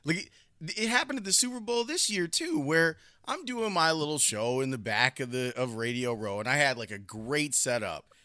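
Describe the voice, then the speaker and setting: A man with a bright, animated voice chats as a sports radio host, his pitch swinging as he tells stories. The sound is dry and close, with a slightly high tone. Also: normal speed, no room sound. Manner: lively, conversational storytelling. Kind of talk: casual conversation between radio hosts.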